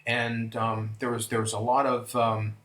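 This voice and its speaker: A man's voice: mid-range voice, flat delivery, unhurried, fairly bright tone. A man reviewing an old wrestling event, talking casually and enthusiastically, with many fillers and restarts. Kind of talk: casual video review commentary. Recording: echoey room.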